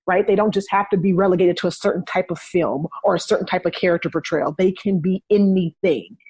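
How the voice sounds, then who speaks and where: Woman, 30s, husky, dry close sound, emphatic conversational. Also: mid-range voice, darkish tone, dry recording. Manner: earnest, emphatic, speaks in repeated phrases. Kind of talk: casual discussion.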